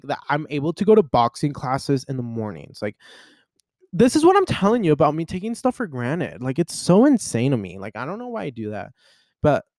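A young man in his twenties rambles through a casual solo podcast, stacking up fillers as he vents. His pitch swings a great deal and leaps up when he gets worked up. The recording is dry and close, with no room sound. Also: darkish tone, no room sound. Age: 20s. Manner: rambling and chatty, full of "like" and "you know" fillers; emotional and venting, with sudden jumps in pitch. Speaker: podcast host.

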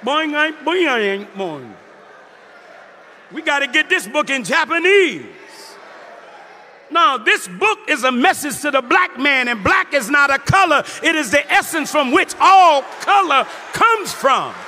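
A man's voice: very high-pitched, sing-song, a little slow, bright, forceful tone, in a large hall, slight background noise. A man, a Muslim minister, preaching to a live audience in an emphatic way and calling out to the crowd.

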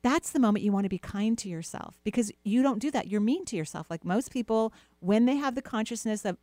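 A middle-aged woman hosting a call-in show, gently reassuring a caller with playful asides. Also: on the high side, lively intonation, brisk, hardly any pauses, dry recording. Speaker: radio show host, intuitive healer. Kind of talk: casual advice talk to a caller.

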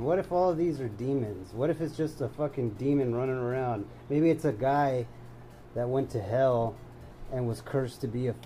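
A man co-hosting a casual podcast chat, rambling through excited, profane speculation. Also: mid-range voice, poor audio. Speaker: podcast co-host.

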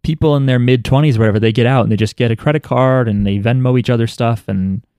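A man's voice: mid-range voice, quick pace, a little mellow, clear, resonant tone, dry recording, clean studio sound. A man co-hosting a podcast in joking, rambling casual chat. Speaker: podcast co-host.

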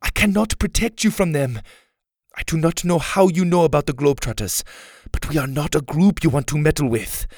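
A man's voice: fairly high pitch, fairly quick, a little mellow, no room sound, clean studio sound, voice pushed up, close to an everyday voice. A man voicing a young woman held captive, pleading and defiant in a children's story.

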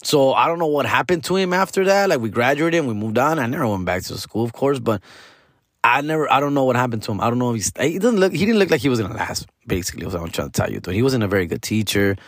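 A young man spinning a casual anecdote in a slangy, profane, animated way. His voice sits at an ordinary male pitch but rises and falls a lot as he talks. The sound is close and dry, with no room echo. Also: fast talker. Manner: slangy, profane, animated, keeps saying fool and dude. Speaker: storyteller.

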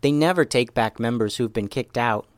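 A man's voice: medium pitch, normal speed, no echo, studio quality, close to an everyday voice. A man voicing a mischievous little boy wizard who teases and giggles. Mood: glum. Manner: giggly, teasing.

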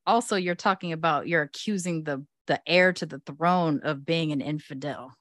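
A woman's voice: sits low, normal speed, a bit bright, no room sound, clean studio sound. A woman guesting on a casual podcast, giving opinionated, emphatic commentary. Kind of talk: casual recap chat.

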